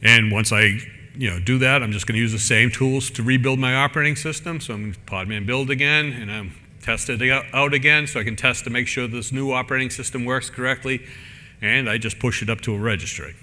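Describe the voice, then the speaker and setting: A man's voice: medium pitch, a little fast, sharp tone, big-room sound. A man giving a technical conference talk in a casual, rambling way, full of fillers and restarts. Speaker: conference speaker. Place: conference room.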